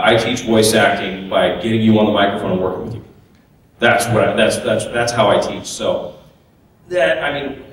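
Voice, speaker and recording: Man with a low voice in an echoey hall. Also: fairly bright tone. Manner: loose, halting, with restarts and fillers. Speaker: voice actor on a convention panel. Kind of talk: panel Q&A answering audience. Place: convention panel room. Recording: echoey hall, distant mic, faint noise.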